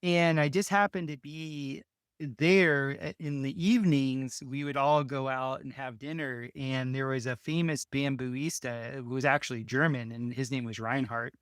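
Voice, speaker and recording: A man's voice: medium pitch, steady tone, unhurried, smooth, dry recording, studio quality. A man, a builder guest in an interview, telling a story casually with many restarts and short laughs. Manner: rambling, restarts often, laughs between phrases.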